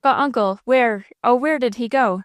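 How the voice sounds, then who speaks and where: A woman's voice: fairly high pitch, moderate pace, no echo, lightly acted. A woman voicing a wild, fearless young heroine in an audiobook, talking in breathless, pleading exclamations. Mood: distraught.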